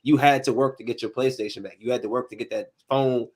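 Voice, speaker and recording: A man in his thirties hosting a casual podcast panel, telling animated stories in slangy talk and acting out the quotes. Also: mid-range voice, quick pace. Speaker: podcast host.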